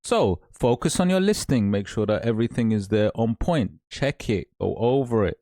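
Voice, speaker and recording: A man's voice: on the low side, lively intonation, normal speed, dark tone, no room sound, studio quality. A man, an online business coach, giving emphatic direct advice and repeating his points. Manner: emphatic, repeats points, calls listener mate. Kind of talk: direct-to-camera advice talk.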